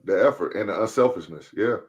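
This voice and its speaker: A man's voice: on the low side, quick pace. A man co-hosting a sports podcast in casual talk, laid-back and given to repeating his points. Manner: laid-back, repeats phrases, loud when riled up. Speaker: podcast co-host.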